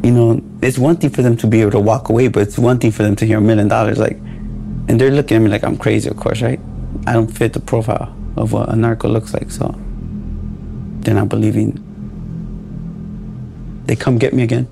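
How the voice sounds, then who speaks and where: A man's voice: on the low side, level tone, brisk, creaky, long pauses, background noise. A man telling his own story in a podcast interview, acting out the dialogue in a blunt and profane way.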